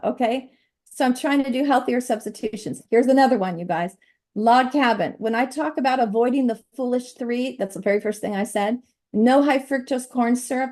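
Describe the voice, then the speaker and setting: A middle-aged woman giving a chatty, animated nutrition presentation over slides, laughing often. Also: a little high.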